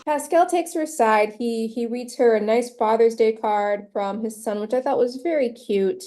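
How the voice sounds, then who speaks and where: Mellow, teasing woman co-host. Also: a little high, moderate pace. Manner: relaxed, teasing. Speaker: podcast co-host. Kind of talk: casual recap chat.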